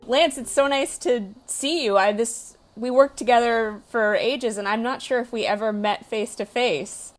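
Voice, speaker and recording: A woman's voice: a little high, normal speed, few pauses, faint music behind. A woman book editor interviewing an author over a video call, friendly and hesitant with fillers.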